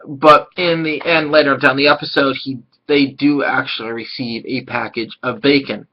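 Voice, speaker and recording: A man casually reviewing an anime episode, rambling and excitable, swearing now and then. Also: medium pitch, moderate pace, dull audio.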